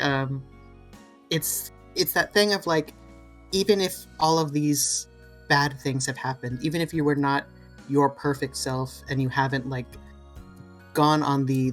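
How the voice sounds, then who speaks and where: A podcast co-host in a casual discussion, thinking out loud and halting often with fillers. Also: medium pitch. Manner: thoughtful, rambling, halting with many fillers.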